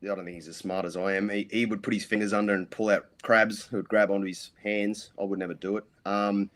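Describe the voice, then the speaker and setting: A man's voice: on the low side, level tone, quick pace, a bit bright. A middle-aged Australian man, a podcast guest, telling rambling stories full of ums and restarts. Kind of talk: casual interview storytelling.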